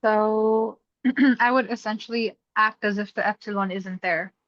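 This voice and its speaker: A woman's voice: medium pitch, fairly even intonation, measured pace, no room sound. Female student, tentative and questioning, muffled dry recording. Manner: tentative, thinks aloud. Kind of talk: asking questions in class. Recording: dull dry sound.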